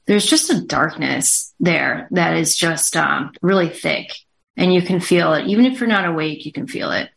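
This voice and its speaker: A woman talking as a show guest, halting and earnest, full of fillers and restarts. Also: fairly low pitch, gravelly, a bit bright. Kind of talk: casual interview talk.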